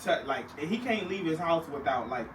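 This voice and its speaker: A man's voice: a little high, lively intonation, moderate pace, roomy sound, far from the mic, background noise. A man, a recording artist, talking casually and animatedly with friends, laughing and using a lot of slang. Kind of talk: casual chat.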